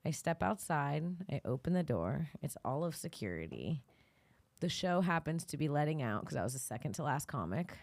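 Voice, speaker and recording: A woman's voice: low-pitched, big pitch swings, normal speed, a little mellow. Foul-mouthed woman comic telling a story. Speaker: comedian. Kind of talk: animated storytelling. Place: podcast studio.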